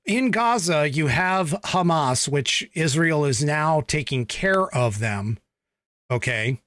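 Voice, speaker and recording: A man's voice: a little high, lively intonation, slow pace, fairly bright tone, no echo, clean studio sound. A man from the United States hosting a podcast, giving a blunt, emphatic political commentary monologue with profanity. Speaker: podcast host.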